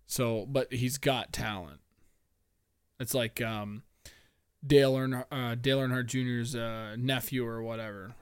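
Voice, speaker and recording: A man's voice: medium pitch, a little slow, clear, resonant tone, no echo. Profane ranting young man, dry mic. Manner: profane, animated ranting with frequent stammered restarts. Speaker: podcast host. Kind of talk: solo podcast rant.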